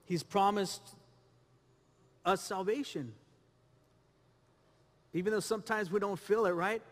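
A man's voice: high voice, a little slow, in a large hall. A man preaching a sermon, asking rhetorical questions and repeating phrases as he builds his point. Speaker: pastor.

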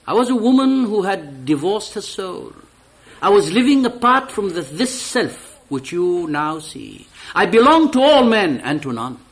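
A passionate woman recalls the day her life changed, declaiming her memories with fervour, as a man gives her voice in a poetry reading. The voice sits fairly high and the pace stays slow and unhurried. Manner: fervent, declamatory. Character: impassioned woman recalling her redemption, grown woman.

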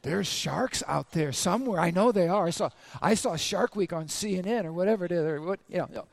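Male pastor with a high voice and a slightly raspy throat, lively sermon full of crowd questions, dry close sound. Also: a little fast, no room sound. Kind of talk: sermon to a congregation.

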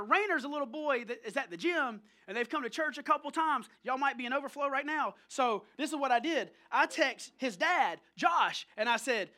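A man's voice: very high-pitched, expressive, moderate pace, sharp tone. A pastor preaching to his congregation at a church service, telling playful, jokey stories about his family. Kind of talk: sermon with personal stories.

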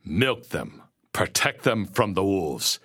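A man's voice: low voice, big pitch swings, slow pace, a bit bright, slightly rough, full character voice. A man voicing a cruel, hateful middle-aged farmer who barks orders and growls threats in a storybook reading. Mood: threatening.

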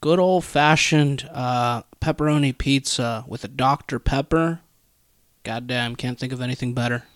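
A man's voice: medium pitch, moderate pace, fairly bright tone. A man co-hosting a podcast, blunt and defensive, swearing freely in casual chat. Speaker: podcast co-host.

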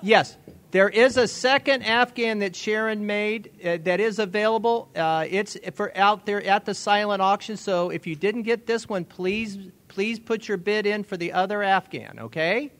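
A man with a high voice hosts a charity auction. He chats loosely with the crowd, laughs often, and slides into a friendly anecdote. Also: normal speed. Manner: chatty, laughs often, warm asides. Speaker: event host. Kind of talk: casual event hosting.

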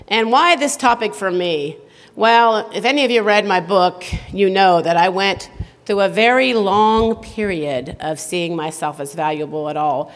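A middle-aged woman giving a conversational, self-deprecating sermon at a conference, chatty and quick to laugh. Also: mid-range voice. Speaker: speaker at a women's conference. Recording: long hall reverb.

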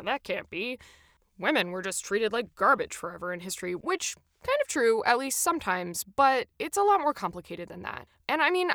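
A woman's voice: mid-range voice, fairly bright tone, dry recording, studio quality. A young woman hosting a solo podcast, talking in a chatty, enthusiastic and self-deprecating way. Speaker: podcast host. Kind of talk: casual solo podcast monologue.

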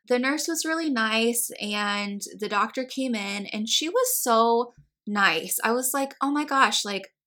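With a high-leaning voice that sounds pushed and bright, a young American woman spins a long personal story in casual conversation. She performs the quoted dialogue and fills her speech with "like."

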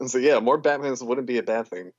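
A man's voice: mid-range voice, normal speed, darkish tone, dry recording, dull audio. A man co-hosting a podcast, chatting casually about a movie, laughing often and restarting his sentences. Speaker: podcast co-host. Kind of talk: casual movie commentary chat.

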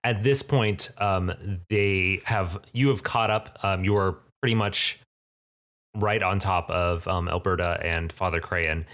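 A man's voice: sits low, a little slow, a bit bright. A man narrating as game master of a tabletop game, hesitant and full of fillers as he describes the scene.

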